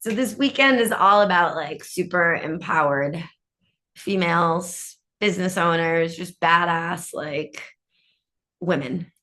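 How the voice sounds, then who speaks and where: Bright-voiced woman losing her voice. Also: on the low side, takes it slowly. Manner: chatty, laughs often, swears casually. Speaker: co-host. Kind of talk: casual chat. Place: hotel room.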